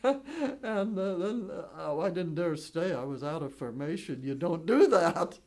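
A woman's voice: fairly low pitch, a little slow. A woman in her nineties telling wartime stories in an oral history interview, chuckling often and wandering through restarts and fillers. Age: 90s. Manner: chuckles often while telling lively anecdotes; rambling with frequent restarts and fillers. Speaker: WWII veteran interviewee.

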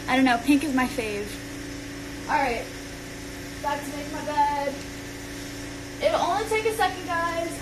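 A young woman with a high voice chats casually and rambles on a phone livestream while she tidies her bedroom. A steady hum of background noise sits under her voice. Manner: chatty and rambling, talks while tidying up. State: out of breath. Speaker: social media creator.

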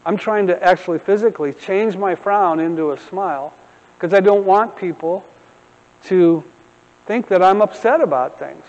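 A middle-aged man preaching a sermon with humorous storytelling and animated asides, speaking as pastor of a church. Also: high voice, normal speed, long reverb tail, muffled recording. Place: church sanctuary.

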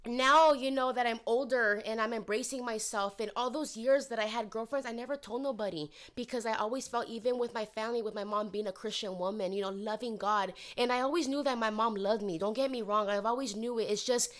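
A woman's voice: a little high, fairly quick, hardly any pauses. A woman in her thirties co-hosting a podcast, telling a personal story candidly and acting out the dialogue she quotes. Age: 30s. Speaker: podcast co-host.

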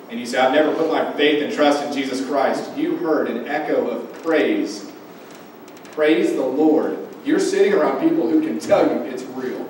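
A male pastor preaching a sermon, building emphasis and putting direct questions to the congregation. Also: medium pitch. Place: church sanctuary. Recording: very echoey church hall from far off, faint noise.

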